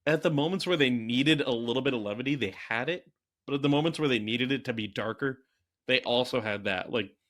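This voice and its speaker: A man co-hosting a casual movie podcast, animated and laughing often as he acts out scenes. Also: medium pitch. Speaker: podcast co-host. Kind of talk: casual movie review chat.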